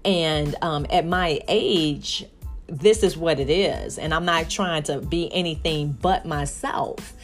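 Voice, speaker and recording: A woman's voice: sits low, slow pace, faint music behind. A middle-aged woman from Chicago hosting her own podcast, talking candidly in a rambling way with many restarts and fillers. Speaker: podcast host. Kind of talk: casual solo podcast monologue.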